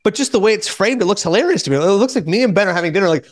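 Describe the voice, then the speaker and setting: A man hosting a podcast, telling a story in casual chat and quoting others in quick asides. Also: sits high, expressive, no echo, studio quality. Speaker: podcast host.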